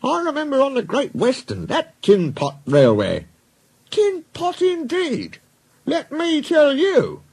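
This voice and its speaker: A cheeky little engine with a very high, husky, indignant voice. He bristles and teases in a storybook way. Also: huge pitch swings, a little slow, few pauses, darkish tone, exaggerated voice. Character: feisty, cheeky small male engine.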